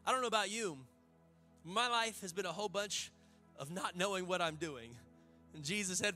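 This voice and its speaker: A man's voice: high voice, moderate pace, long pauses, pushed and bright, soft background music. A male pastor, preaching a sermon to a church congregation in a fervent, conversational way with folksy asides.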